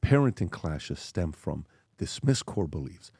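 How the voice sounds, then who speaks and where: Lively low-voiced man reading a list. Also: measured pace, breathy edge, dry recording, studio quality. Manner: jokey, reads list with asides and stumbles. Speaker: host. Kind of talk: casual chat, reading an article aloud.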